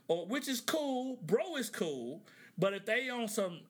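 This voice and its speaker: A man hosting a podcast in casual comedic commentary, animated and joking, laughing often as he riffs. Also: high-pitched, moderate pace. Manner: animated, joking, laughs often, reads articles aloud with asides. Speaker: podcast host.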